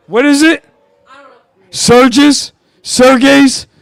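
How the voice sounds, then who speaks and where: A man with an unusually high voice gives rowdy, cursing thanks in hyped-up live banter. He is outside a music venue, and his voice sounds dry and close with no room echo. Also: expressive, normal speed. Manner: rowdy, profane, shouting thanks.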